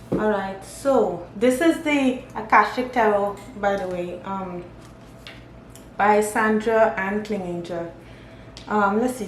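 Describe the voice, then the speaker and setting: A woman's voice: medium pitch, a little mellow. A woman giving a casual tarot reading, thinking aloud and reading out card meanings. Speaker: tarot reader. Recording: echoey room, faint ambient noise.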